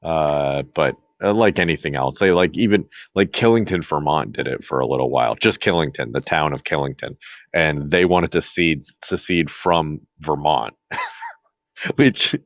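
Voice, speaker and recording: A man with an extremely deep, low voice, co-hosting a podcast in a relaxed political chat. He rambles and restarts his sentences often. The audio is dry and a little muffled. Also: unhurried, dry recording. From Massachusetts. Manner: rambling, many fillers and restarts. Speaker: podcast co-host.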